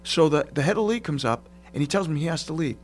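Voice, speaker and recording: A middle-aged man hosting a casual talk show, telling stories in a lively way. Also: on the high side, rapid-fire, a little hiss or hum. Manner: lively storyteller, laughs while telling. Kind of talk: casual podcast chat.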